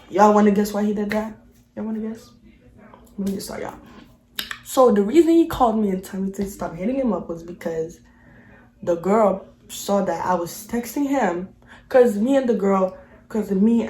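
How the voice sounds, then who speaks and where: A young woman vlogger in casual storytime, animated and slangy, talking straight to her viewers. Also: on the low side. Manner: animated, slangy, addresses viewers as y'all and guys. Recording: echoey room.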